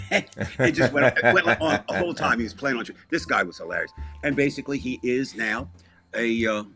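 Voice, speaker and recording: A man's voice: medium pitch, expressive, normal speed, bright, forceful tone, husky, faint music behind. A man chatting casually as a podcast co-host, telling a long story in a rambling way with restarts, asides and small chuckles.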